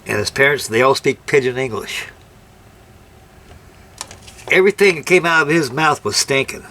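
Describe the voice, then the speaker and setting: This older man speaks expressively at a normal pace, his mid-range voice pushed and bright. He chats casually while assembling a scale model, spinning rambling, folksy tales with ungrammatical turns.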